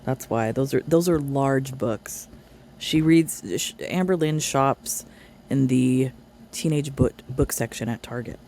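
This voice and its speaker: A woman's voice: very deep voice, unhurried, warm tone, slight background noise. A woman reacting to clips with blunt, sarcastic commentary. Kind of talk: casual commentary.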